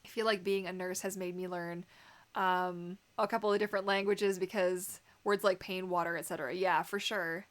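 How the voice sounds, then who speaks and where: A young Canadian woman hosts a casual livestream, reading comments and chatting with viewers in a giggly manner packed with fillers. Her voice is lowish, with little pitch movement, and she speaks at a normal speed.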